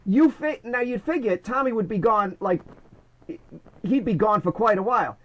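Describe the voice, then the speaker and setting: Brief: middle-aged New man, fairly high voice, animated storyteller who restarts often. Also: normal speed, lo-fi sound. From Bronx, New York. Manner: animated, many restarts, "I says". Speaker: guest, former corrections officer. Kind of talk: casual storytelling.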